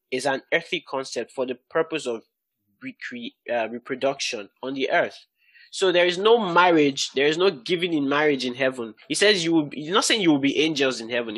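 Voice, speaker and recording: A man teaching the Bible in a lively, conversational way, laughing often and stressing key words. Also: mid-range voice, husky, no room sound.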